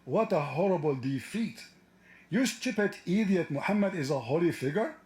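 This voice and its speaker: Mocking, combative high-voiced man. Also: lively intonation, normal speed, darkish tone, echoey room. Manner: mocking and combative, taunts and laughs at caller. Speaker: debate livestream host. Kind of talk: heated live call-in debate.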